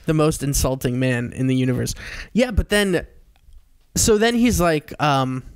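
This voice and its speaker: A man co-hosting a comedy podcast in casual chat, animated and quick to jump into high comic voices. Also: smooth, dry recording, clean studio sound. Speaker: podcast co-host.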